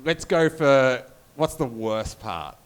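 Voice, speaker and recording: A man hosting a live comedy panel on stage. He tells rambling, joking anecdotes in an animated way. His voice sits at an average pitch. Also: takes it slowly, clear, resonant tone. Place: live stage before an audience.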